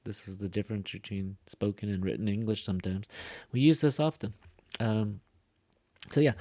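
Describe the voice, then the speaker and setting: A man teaching English pronunciation in a relaxed lecture, peppering his talk with fillers and "right?" and exaggerating his intonation to demonstrate. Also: lowish voice, a little fast, no room sound, studio quality. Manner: frequent fillers and tag "right?". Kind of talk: recorded classroom lecture.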